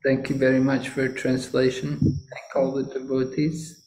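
A British man, a spiritual teacher, giving brief, kindly replies in a relaxed question-and-answer session. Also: medium pitch, moderate pace, slight background noise. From Britain. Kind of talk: relaxed Q&A after a class. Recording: echoey room.

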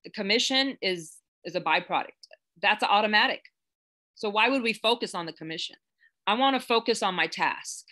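Speaking at a moderate pace in a mid-range voice, she sounds pushed and bright, with lively intonation. She's a real estate agent running a live online class, chatty and earnest with lots of fillers and restarts, and she gets choked up, almost crying.

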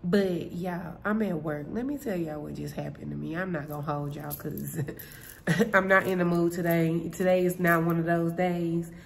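A woman with a lowish, gravelly voice vlogs from her workplace as a concierge, keeping a steady tone and moderate pace over slight background noise. Talking straight to viewers she calls "y'all," she shares casual stories and laughs a lot.

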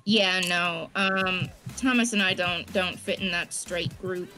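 A woman's voice: fairly low pitch, fairly even intonation, slow pace, pushed and bright, faint music behind. A woman gaming with friends, teasing them with crude banter. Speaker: gamer. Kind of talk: casual gaming chat.

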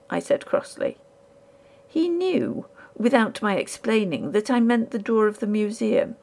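Woman reading a spooky old story, voice goes up and down a lot, bit of fry, drops to whispers. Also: on the high side, big pitch swings. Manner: measured, hushed dramatic reading with whispered asides. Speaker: audiobook narrator. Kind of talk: scripted narration of a ghost story.

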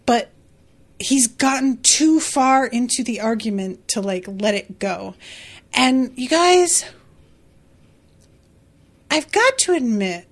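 A woman's voice: fairly high pitch, lively intonation, takes it slowly, long pauses. A woman hosting a casual book podcast who gushes, giggles and swears casually. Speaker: podcast host.

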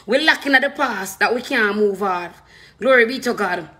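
A woman's voice: mid-range voice, expressive, normal speed, bright, forceful tone. A woman with a Jamaican accent preaching an impassioned sermon, hammering home repeated phrases and moving between patois and standard English.

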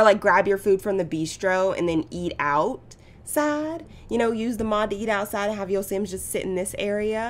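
A woman giving casual gameplay commentary as a channel host, chatty and gushing with excitement. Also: mid-range voice. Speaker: gaming YouTuber.

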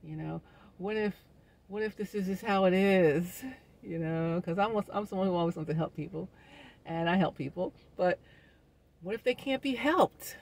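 A woman's voice: on the low side, steady tone, normal speed, vocal fry. A woman hosting a wellness show, talking through her thoughts in a casual, soul-searching monologue and coming back to the same questions again and again. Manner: gentle, faith-minded encouragement. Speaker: host of a wellness community show.

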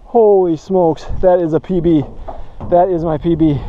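A man doing fishing vlog commentary outdoors from a boat, excitable and repeating his exclamations. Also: a little high, unhurried, narrow, tinny audio, slight background noise. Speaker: fishing vlogger.

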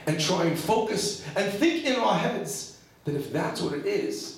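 Rabbi preaching fast and lively, far off in a big echoey hall, bit of hum. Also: male voice, high voice, vocal fry. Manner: animated, quick storytelling with rhetorical questions. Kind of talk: sermon with storytelling. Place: large hall at a women's gathering.

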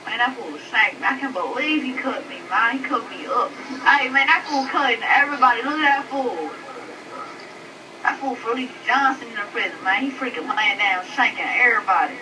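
A high-voiced male gamer trash-talks in thick slang, taunting and arguing. He sounds far from his mic. A steady wash of noise sits under the chat. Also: normal speed. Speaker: online game player. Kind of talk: trash talk in game voice chat. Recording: distant noisy voice chat.

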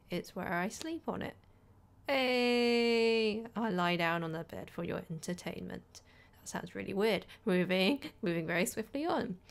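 A young woman giving a casual room tour, playful and self-mocking. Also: on the low side. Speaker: vlogger. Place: small room indoors.

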